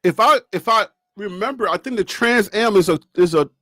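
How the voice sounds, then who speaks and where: A man with a strikingly high voice runs a loose sports talk segment. He rambles, jokes and keeps turning to the audience with rhetorical questions. The sound is dry and close. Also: lively intonation, a little fast, bright, forceful tone, no room sound. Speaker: sports talk show host. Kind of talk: casual sports talk commentary.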